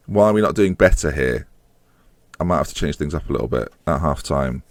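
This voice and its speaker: Guy yelling at his football manager game, swings high and low all over, dry close sound. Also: brisk, dry recording. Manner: excitable, voice climbs high-pitched as chances near; swears and groans at the match. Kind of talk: live let's-play commentary.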